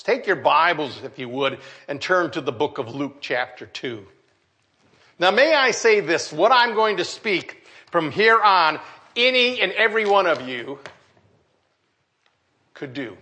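Older man preaching slowly in a bright voice. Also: fairly high pitch, big pitch swings. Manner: folksy preaching with jokes and asides to the congregation. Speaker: pastor. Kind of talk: sermon.

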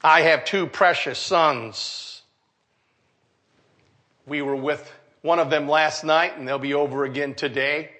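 A man's voice: fairly high pitch, steady tone, slow pace, pauses often, sharp tone. An older man, a pastor, preaching a folksy sermon with jokes and asides to his congregation.

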